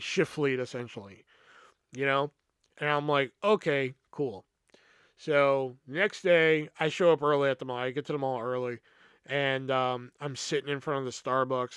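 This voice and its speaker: A man's voice: mid-range voice, fairly bright tone, clear, resonant tone, no room sound. A man hosting a podcast, telling a long casual story in a rambling, profane way with lots of filler words. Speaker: podcast host.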